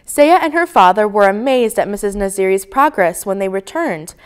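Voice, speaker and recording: A woman reading a children's book aloud with expressive, sing-song narration. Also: mid-range voice, moderate pace, clear, resonant tone. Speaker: storybook reader.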